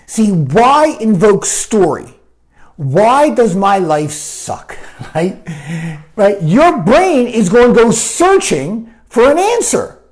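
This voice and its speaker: Animated male life coach, lively pitch. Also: slow pace. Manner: animated, keeps asking "right?", acts out quoted voices. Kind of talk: live coaching talk answering viewer comments.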